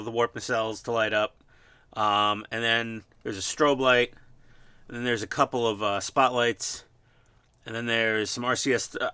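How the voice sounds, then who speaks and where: Here's a bright, pushed, resonant male voice of medium pitch, recorded dry and clear. He's a New Yorker with the local accent, building a scale model at his home workbench and chatting in a loose, self-deprecating, filler-packed way.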